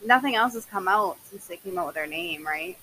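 Young woman, bright tense voice, blunt, swears, casual podcast chat, faint hiss. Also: medium pitch, lively intonation, a little fast, low-quality recording. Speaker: podcast co-host. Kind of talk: casual true crime chat.

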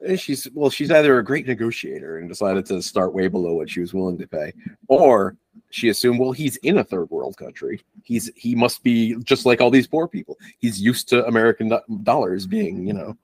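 A man's voice: mid-range voice, a little fast, slightly rough, no room sound. A man co-hosting a podcast, chatting casually about a movie, joking and acting out characters' lines. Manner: animated, joking, acts out lines in silly voices. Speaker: podcast co-host. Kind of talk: casual movie review chat.

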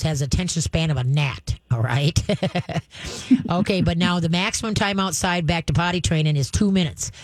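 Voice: medium pitch, darkish tone, dry recording. A dog trainer giving advice to a caller, rambling with many restarts and playful dog talk, laughing often along the way.

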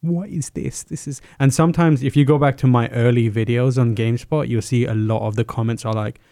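A man's voice: mid-range voice, fairly even intonation, fast talker, warm tone, dry recording. A man from Pakistan with an East London accent, English his second language, chatting casually as a podcast co-host. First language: not English. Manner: careful, self-monitoring speech. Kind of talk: casual chat.

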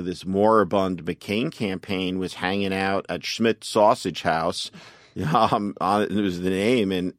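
A man's voice: low voice, no echo, studio quality. A man, a political campaign strategist, telling anecdotes in an interview, often quoting others and saying "you know.". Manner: anecdotal, quotes people at length, frequent "you know". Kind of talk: interview storytelling.

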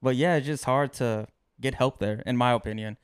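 A man in a relaxed podcast conversation, talking quickly in a middle register and cursing casually as he jumps in. The sound is close and dry. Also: mid-range voice, smooth, dry recording. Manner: chatty, profane, quick to chime in. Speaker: podcast co-host. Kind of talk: casual chat.

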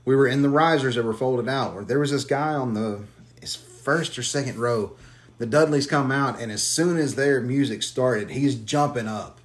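A man hosting a casual podcast who tells long, profane, animated stories. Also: medium pitch, normal speed. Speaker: podcast host.

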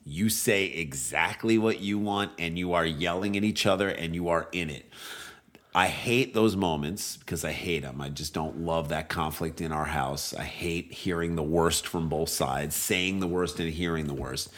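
Deep-voiced man joking in banter. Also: fairly bright tone. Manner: quick joking interjections. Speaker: comedian guest. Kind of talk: casual banter.

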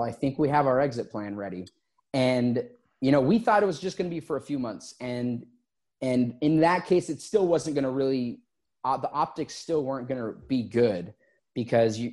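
A man who is an interview guest and former gym owner, telling his story casually and acting out past conversations. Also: mid-range voice. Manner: relaxed, recounts conversations in quotes.

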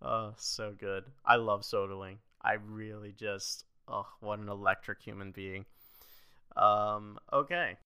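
A man co-hosting a sports podcast in casual chat, animated, laughing often and leaning on "like" as he talks. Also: fairly low pitch, measured pace, clear, resonant tone, no room sound. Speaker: podcast co-host.

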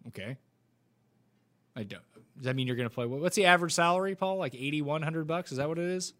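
A man hosting a casual livestream Q&A, answering questions with quick, blunt replies and wisecracks. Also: on the high side, a bit bright. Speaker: livestream host.

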